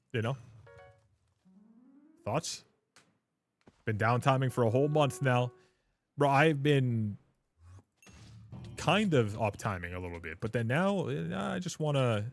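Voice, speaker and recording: A man chatting casually on a gaming livestream, rambling and swearing as he jokes with his chat. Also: medium pitch. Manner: rambling, profane, joking with chat; frequent filler words and restarts.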